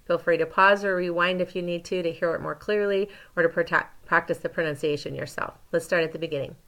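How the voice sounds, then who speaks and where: A woman teaching a recorded lesson, modelling words slowly and clearly and pausing for learners to repeat. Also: lowish voice, steady tone, a bit bright. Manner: slow, clear pronunciation drills with pauses. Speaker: Spanish teacher.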